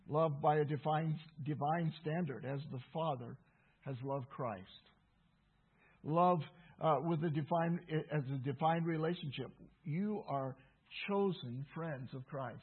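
A man's voice: on the high side, animated, measured pace, husky. A man preaching a sermon, earnest and emphatic, repeating key phrases for weight. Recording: tinny phone-like sound.

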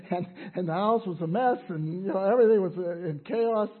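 An older man preaching a sermon as a pastor, telling personal stories in an earnest, halting way with many restarts. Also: sits high, husky. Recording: tinny phone-like sound.

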